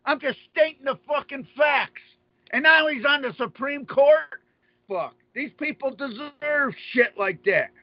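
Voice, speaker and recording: Male radio host, very high voice, combative profane ranter, lo-fi sound. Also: expressive, measured pace, dry recording. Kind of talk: ranting monologue. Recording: dull lo-fi dry audio.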